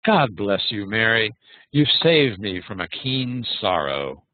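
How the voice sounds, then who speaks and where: A man's voice: lowish voice, big pitch swings, takes it slowly, no room sound. A man voicing an earnest, jealous young husband in a script read aloud, over tinny phone-like audio. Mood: grateful.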